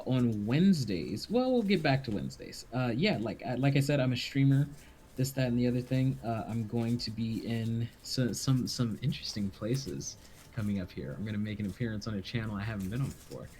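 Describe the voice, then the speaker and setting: A man's voice: mid-range voice, expressive, a little fast, a little mellow, a little hiss or hum. A man who is a game master and voice actor, chatting enthusiastically and rambling through his plugs on a stream. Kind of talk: casual stream chat.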